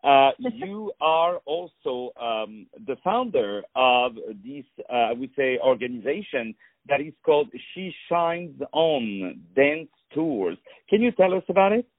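A man hosting a radio interview, effusive and flattering, often halting on repeated words and fillers. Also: mid-range voice, no echo. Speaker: radio show host. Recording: dry, tinny phone-quality sound.

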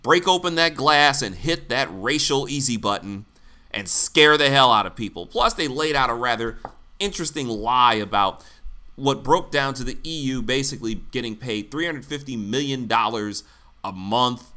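Blunt, sarcastic American man with a bright voice. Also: medium pitch, lively intonation, moderate pace. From United States. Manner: sarcastic, blunt, swears freely. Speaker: commentary host. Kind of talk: opinionated political commentary.

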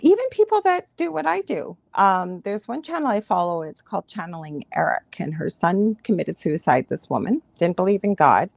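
A woman who works as a psychic medium, a podcast guest telling stories in a lively, chatty way with frequent laughs. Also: fairly low pitch, creaky, dry recording. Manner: animated storyteller, laughs often, quick asides. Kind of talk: casual chat, storytelling.

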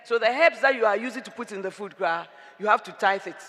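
Lively woman preaching in a hall. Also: mid-range voice, quick pace. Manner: animated and humorous, often shouting. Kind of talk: sermon. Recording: long reverb of a large hall.

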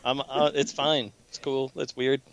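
A man's voice: medium pitch, little pitch movement, unhurried, creaky. A man chatting casually about a movie as a podcast co-host, easygoing and agreeable, chuckling often. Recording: dull lo-fi dry mic.

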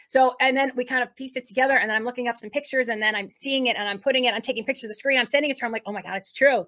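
A woman co-hosting a faith talk show, opening the episode in a rambling, excitable way with many restarts. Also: fairly high pitch, racing, few pauses. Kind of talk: casual spoken introduction.

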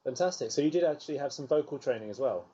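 A woman's voice: rumbling low, expressive, racing, warm tone, slightly rough. A woman hosting an interview, asking questions in an enthusiastic, encouraging way. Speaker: interview host. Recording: dull lo-fi audio, faint background hiss.

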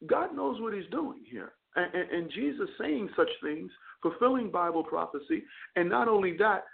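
A man's voice: high voice, creaky. A man who is a chaplain and radio show host, preaching a sermon with repeated words and fervent build-ups. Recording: tinny phone-line audio.

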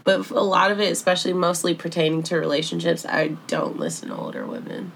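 Low-voiced blunt woman, dry humor. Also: fairly even intonation, gravelly, a little hiss or hum. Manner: dry, blunt, teasing, quick asides. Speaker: podcast co-host. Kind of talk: casual chat.

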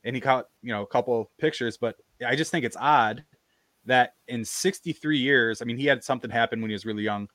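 A man hosting a podcast tells a story in easy, casual chat. He slips into quoted voices as he goes. His voice sits at a middle pitch and sounds dry and close. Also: a little fast, fairly bright tone, no echo. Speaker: podcast host.

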